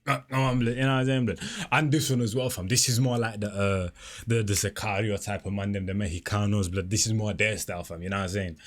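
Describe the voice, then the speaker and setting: A man's voice: on the low side, steady tone, fast talker. Chatty young man. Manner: chatty, heavy street slang, frequent fillers. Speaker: music reaction channel host. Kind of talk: casual reaction commentary.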